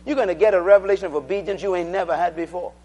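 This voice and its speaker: A man preaching a sermon, drilling the congregation to repeat phrases and swinging between loud declarations and quiet asides. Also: sits high, very fast.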